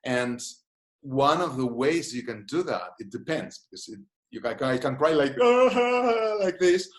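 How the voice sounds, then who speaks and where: A man's voice: medium pitch, moderate pace. A man who is a therapist, giving an online seminar. He explains things thoughtfully and invites listeners to try short exercises. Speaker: gestalt therapist teaching a seminar. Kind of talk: online webinar lecture. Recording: roomy echo.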